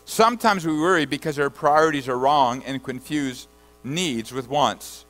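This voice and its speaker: A man preaching a sermon and reading scripture aloud, rising to loud emphatic bursts and then dropping low and soft. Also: moderate pace, low-quality recording. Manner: reads scripture verses aloud. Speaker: pastor.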